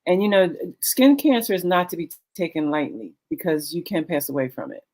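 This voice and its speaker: A woman's voice: lowish voice, very animated, a little fast, mellow. A middle-aged woman speaking as a guest on a talk show, earnest and candid, with lots of "you know" fillers. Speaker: guest, cancer survivor.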